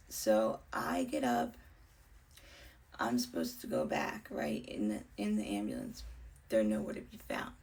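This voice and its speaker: A woman's voice: very deep voice, creaky, darkish tone, far from the mic. A young woman telling a personal story in a candid, chatty way, often dropping into a whisper. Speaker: vlogger. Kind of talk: casual storytelling.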